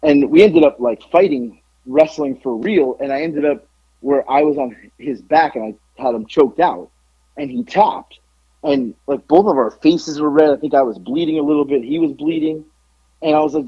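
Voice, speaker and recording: A man spins a story in casual podcast talk with a lively, swooping pitch and a husky, mellow tone. He swears freely and jumps into raised voices to act out quotes. The sound is dry and a bit muffled. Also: normal speed, no echo. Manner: animated, profane, acts out quotes in raised voice. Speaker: podcast guest, former pro wrestler.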